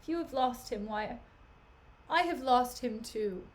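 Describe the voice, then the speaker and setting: A woman's voice: fairly high pitch, lively intonation, unhurried, a little hiss or hum. A woman reading the part of a young noblewoman pleading with her husband, in an earnest, imploring way. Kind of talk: casual dramatic reading on a livestream.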